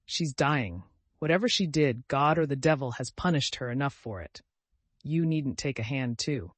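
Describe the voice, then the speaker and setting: Male reader doing a bold young woman with a sharp tongue, audiobook, dry booth. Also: medium pitch, animated, moderate pace, dry recording, close to an everyday voice. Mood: defiant. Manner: tart, cutting retorts.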